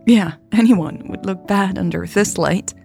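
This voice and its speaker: A woman's voice: mid-range voice, unhurried, gravelly, darkish tone, soft background music, voice pushed up. A woman narrator voicing a weary young woman with a dry, joking way of talking in an audiobook. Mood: wry.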